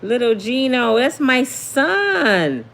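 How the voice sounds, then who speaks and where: This celebrity gossip livestreamer speaks in a fairly high, bright, sing-song voice, taking things slowly. She is chatty and sassy in casual conversation, reading out comments from her viewers.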